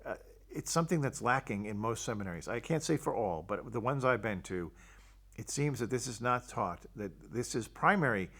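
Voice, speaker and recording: A man's voice: medium pitch, expressive, normal speed, a bit bright, husky. An older man, a Catholic priest, telling his personal testimony and acting out the dialogue he quotes. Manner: storytelling, acts out quoted dialogue.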